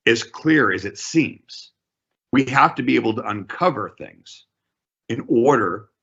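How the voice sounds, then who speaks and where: A man teaching a real estate negotiation class, coaching in a deliberate, emphatic way. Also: mid-range voice, gravelly, fairly bright tone, slightly rough, muffled recording.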